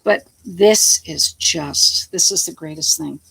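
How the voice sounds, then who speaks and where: A woman's voice: deep voice, slow pace, gravelly, sharp tone, slightly rough, no room sound, rough recording. A woman vlogging from her home, rambling in a blunt, chatty way and swearing freely as she jumps between topics. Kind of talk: rambling casual home vlog. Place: at home, talking to the camera.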